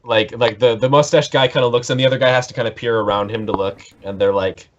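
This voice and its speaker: A man's voice: medium pitch, fairly even intonation, fast talker, few pauses. A man narrating as game master for a tabletop game, rambling and piling up "like" and restarts as he sets the scene. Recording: dull lo-fi recording.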